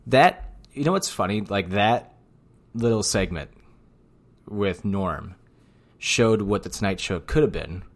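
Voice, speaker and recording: A man with a low voice co-hosts a casual podcast. He talks bluntly, teases his co-host and slides into ranting. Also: lively intonation, measured pace, long pauses. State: out of breath. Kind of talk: casual chat.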